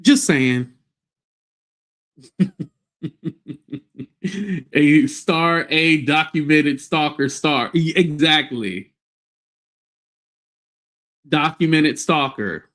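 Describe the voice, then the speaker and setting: A man's voice: fairly high pitch, drawn-out words, long pauses, fairly bright tone. A man hosting a livestream, ranting bluntly and scornfully with plenty of profanity. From United States. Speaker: livestream host. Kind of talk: casual livestream rant.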